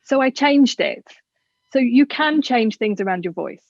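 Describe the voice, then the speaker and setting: In a slightly high, animated voice and at a measured pace, a southern English woman from England gives frank advice as an interview guest. She comes across as chatty and self-deprecating, and the recording is dry and muffled.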